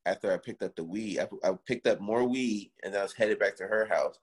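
Man, young adult, low voice, casual storytelling, swears, acts out quotes. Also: a little fast, husky. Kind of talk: casual chat, telling a story.

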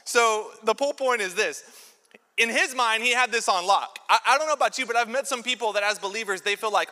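Bright-voiced male pastor in reverberant church. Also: very high-pitched, a little fast. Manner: lively, jokey storytelling with props. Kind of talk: sermon. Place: large church sanctuary. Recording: long church hall reverb.

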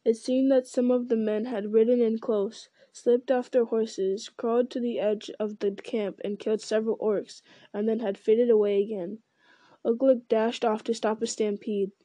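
A woman reads a fantasy novel aloud in an even, unhurried manner, now and then restarting a phrase. Her voice sits a little high with a warm, mellow tone, and the recording is close and dry. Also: dry recording. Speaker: audiobook reader.

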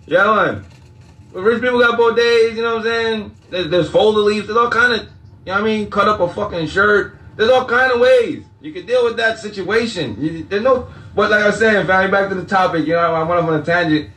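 A man's voice: sits high, brisk, a bit bright, echoey room. A man talking to his audience in a loose, profane, casual monologue, often breaking into laughter.

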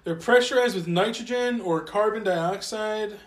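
A young man with a high-pitched voice, chiming into a casual chat with exclamations of disbelief and quick swearing. The room around him gives his voice an audible echo. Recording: echoey room.

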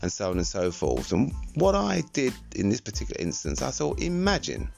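A man's voice: fairly low pitch, wildly swooping pitch, brisk, vocal fry, a little mellow, soft background music. An older man hosting a solo podcast, telling stories in a rambling, laid-back, chatty way. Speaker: podcast host. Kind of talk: reflective solo storytelling podcast.

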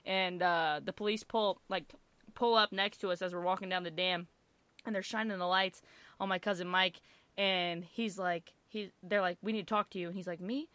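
Bright-voiced woman telling a story. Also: lowish voice, normal speed, clean tone, no echo. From Italian-American family. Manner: animated, lots of fillers, swears, acts out quotes loudly. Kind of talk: casual storytelling chat.

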